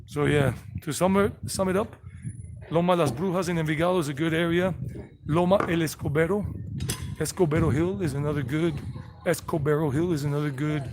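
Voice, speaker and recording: Middle-aged American man, slightly high voice, rambling live-stream tour guide recorded outdoors over traffic. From United States. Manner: rambling, repeats himself, sings song snippets. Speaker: vlog host giving a walking tour. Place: outdoors on city streets. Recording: outdoor street noise behind voice.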